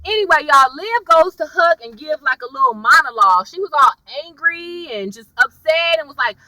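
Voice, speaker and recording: Lively, bright-voiced chatty woman. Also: high-pitched, moderate pace, dry recording, distant mic, poor audio. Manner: chatty, animated, addresses viewers as y'all. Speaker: TV recap vlogger. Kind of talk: casual episode recap.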